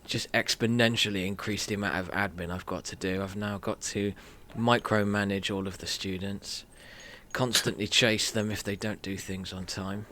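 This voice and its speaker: A man's voice: on the low side, steady tone, moderate pace, bright, forceful tone, slight background noise. A man co-hosting a gaming chat, talking in a dry, grumbling way. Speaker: co-host and education worker. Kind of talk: casual chat.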